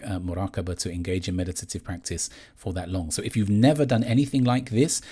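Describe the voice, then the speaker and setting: A man calmly explaining a meditation practice step by step, in a measured teaching manner. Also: sits low, breathy edge. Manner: calm, measured, gently explaining. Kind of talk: guided instruction on meditation.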